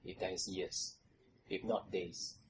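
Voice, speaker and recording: A pastor preaching a sermon, repeating phrases and putting questions to the congregation, rising to loud exhortation and falling to hushed trailing lows. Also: fairly even intonation, takes it slowly, background noise.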